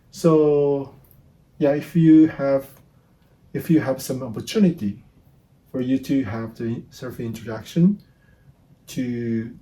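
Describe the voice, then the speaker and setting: A Japanese man in his fifties with a Japanese accent, teaching basic phrases in casual, halting English, often repeating words and restarting. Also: medium pitch, warm tone. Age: 50s. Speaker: language teacher. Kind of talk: casual spoken lesson.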